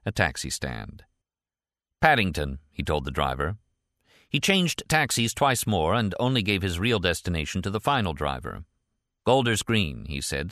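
Male audiobook narrator, very low voice, measured, dry close recording. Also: a bit bright, no echo.

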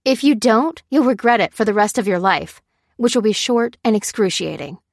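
A woman's voice: a little high, lively intonation, moderate pace, gravelly, no echo, voice pushed up. Give me an urgent, commanding woman giving firm warnings, read by a female narrator, in a dry close recording.

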